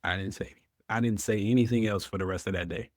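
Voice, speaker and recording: A man's voice: fairly low pitch, steady tone, fast, no room sound, studio quality. A man, a veteran guest telling his story in an interview, acting out his own past words.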